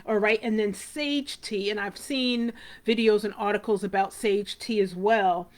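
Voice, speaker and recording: A woman's voice: medium pitch, fairly even intonation, a little slow. A middle-aged woman hosting a hair care show, talking in a chatty, rambling way and calling viewers by name. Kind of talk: casual live talk to viewers.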